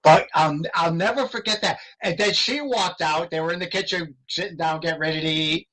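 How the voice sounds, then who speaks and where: An older man telling stories on a podcast in a lively way, laughing often and acting out what others said. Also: a little high, fairly quick, low-quality recording. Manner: animated, laughs often, acts out quotes. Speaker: paranormal investigator guest. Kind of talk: casual storytelling.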